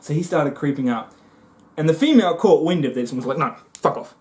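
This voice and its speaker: A man vlogging a comic monologue to the camera, excitable and often jumping into high voices as he acts things out. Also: fast. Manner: excitable, jumps into high squeaky voices when acting things out.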